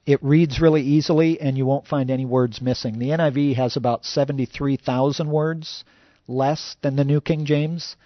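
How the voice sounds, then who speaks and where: A man's voice: medium pitch, steady tone, normal speed, dry recording, dull audio. A man preaching a sermon as a pastor, conversational and full of "you know" fillers.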